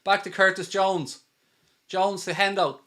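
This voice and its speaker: A man hosting a live football watchalong, calling the play and reading out viewer super chats, getting excited at big moments. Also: high-pitched, a little slow. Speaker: watchalong host. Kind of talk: live match commentary and chat.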